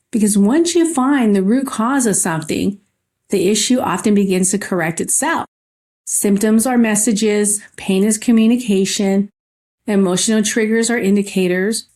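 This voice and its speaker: Earnest woman telling a spiritual story. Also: medium pitch. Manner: earnest, gently emphatic storytelling. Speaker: podcast host. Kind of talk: spiritual talk with personal storytelling.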